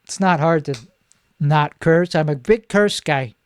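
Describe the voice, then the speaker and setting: A male comedian in a solo monologue, rambling in a deadpan way and correcting himself mid-sentence. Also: fairly high pitch, measured pace, smooth, no echo.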